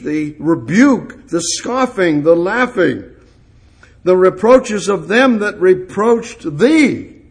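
A man with a husky, fairly high voice preaches through scripture at an unhurried pace. He lingers on each verse he reads and then builds into urgent, rising exclamations. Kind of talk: verse-by-verse sermon.

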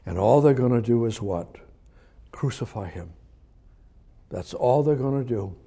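Mellow-voiced man preaching a sermon. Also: mid-range voice, animated, unhurried, breathy edge. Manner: conversational preaching with rhetorical questions and chuckles; swings from emphatic to hushed.

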